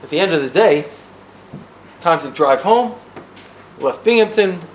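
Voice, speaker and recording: An older man from the United States telling a personal story, swinging between loud bursts and hushed asides. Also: on the high side, lively intonation, moderate pace, slight background noise.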